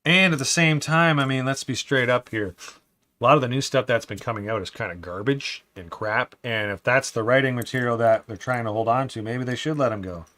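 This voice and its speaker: A man hosting a casual live stream while he builds Lego, reading out viewer comments and sharing opinions, often dropping to quiet muttering as he works. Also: mid-range voice, brisk. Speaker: livestream host building Lego.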